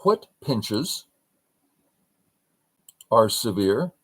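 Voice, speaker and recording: An older man teaching a board game review over a livestream, speaking at a slow, unhurried pace in short broken phrases. His voice sits fairly low, and he keeps asking himself questions and then answering them. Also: big pitch swings, slightly rough, rough recording.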